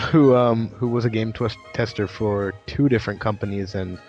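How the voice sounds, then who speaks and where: A man chatting on a podcast panel, relaxed and hesitant with many fillers. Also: lowish voice, moderate pace, lo-fi sound, faint music behind. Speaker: features and community editor, panelist. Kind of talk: casual podcast chat.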